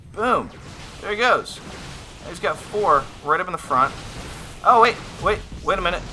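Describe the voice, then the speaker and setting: A man casting a strategy game replay on his own, excitable and thinking aloud, often repeating his phrases. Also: on the high side, a little hiss or hum. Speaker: game caster. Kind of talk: solo esports commentary over a replay.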